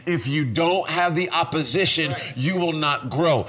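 A man preaching a sermon with passion, his voice rising to shouts at its peaks. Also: on the high side, unhurried. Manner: impassioned, building to shouts. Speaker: pastor. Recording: crowd audible behind.

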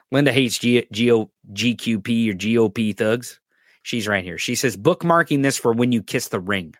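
A man's voice: medium pitch, a bit bright, no echo, studio quality. Ranting, profane male podcast host. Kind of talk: political commentary podcast.

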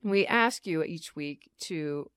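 Lively, laughing woman podcast co-host. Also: sits low, takes it slowly, clear, resonant tone, no echo, studio quality. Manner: animated, laughs often, swears freely. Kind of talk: casual chat. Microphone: studio microphone.

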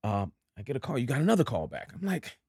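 A middle-aged man from Dallas, an actor guest in an interview, telling stories in an animated way and acting out other people's voices. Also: medium pitch, quick pace, husky, dry recording, studio quality. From Dallas, Texas. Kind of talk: storytelling interview.

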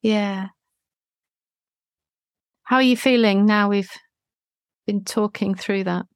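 A woman, hosting a gentle therapeutic conversation in a calm, reassuring, deliberate way. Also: mid-range voice, clean tone, no echo, studio quality. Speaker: healing practitioner, podcast host.

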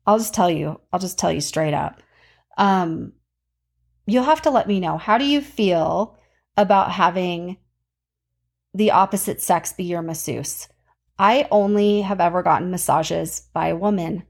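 This podcast host is a woman in her thirties who speaks a little slowly, with vocal fry and a slightly rough quality. She casually shares stories from her week, her animated voice jumping higher when she's excited.

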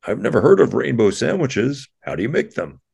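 A performer voicing a puppet elephant with a dry, deadpan manner in a children's show. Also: mid-range voice, fairly quick, gravelly, breathy edge, exaggerated voice. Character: slow, gravelly puppet elephant.

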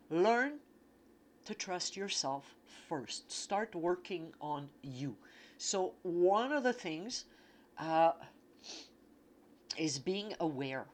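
A woman from Canada, talking casually and bluntly about self-trust, swearing freely and acting out inner voices. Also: lowish voice. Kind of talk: casual self-help talk.

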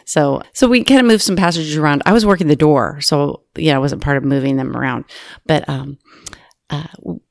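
A woman's voice: deep voice, brisk, creaky, no echo, clean studio sound. A woman who works as a flight attendant, telling a story in casual chat and acting out the other people's lines. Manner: animated, acts out quoted voices.

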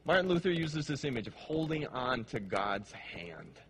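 A male pastor preaching a sermon with passion, dropping to hushed, slow phrases and then rising to emphatic ones. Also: mid-range voice, sing-song, a little hiss or hum. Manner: impassioned, swings between hushed and emphatic.

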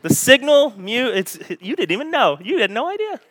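A man preaching a sermon to a congregation, animated and storytelling, acting out scenes with raised voices. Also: extremely high pitch, moderate pace. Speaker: pastor. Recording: echoey hall.

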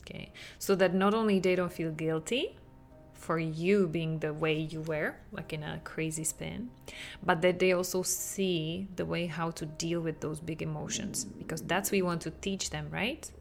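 Woman coaching parents on a podcast, kinda low, quiet music behind. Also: moderate pace, gravelly. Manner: animated, acts out quotes with laughs. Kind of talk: podcast monologue.

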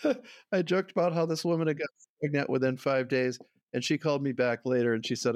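An older man, a guest herbalist, telling stories in a relaxed way and often laughing. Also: mid-range voice, brisk, no echo, clean studio sound. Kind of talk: conversational interview.

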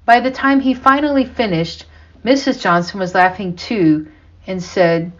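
Woman storyteller, unhurried, measured; dull lo-fi recording. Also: medium pitch. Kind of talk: story narration.

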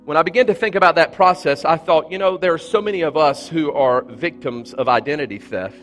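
A man's voice: on the high side, a little fast, fairly bright tone, faint music behind. A man preaching a sermon as a pastor, emphatic and repetitive, his voice climbing when he voices people's pleas. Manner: emphatic preaching with repeated phrases, voice rising in quoted pleas. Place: church sanctuary.

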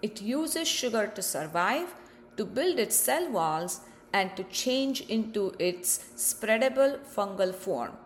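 A woman's voice: mid-range voice, animated, takes it slowly, slight background noise. A woman hosting a health podcast, giving a scripted educational explanation with rhetorical questions to the listener.

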